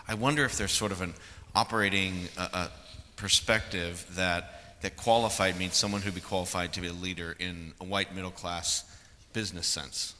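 A man's voice: low-pitched, sharp tone. A man speaking in a panel discussion, hesitant and searching for his words. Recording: long hall reverb, faint noise.

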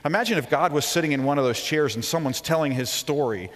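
A man in his forties preaching a sermon as a professor, telling stories animatedly, acting out quoted voices and dropping to a near hush. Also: a little high, fast. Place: large hall. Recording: long hall reverb.

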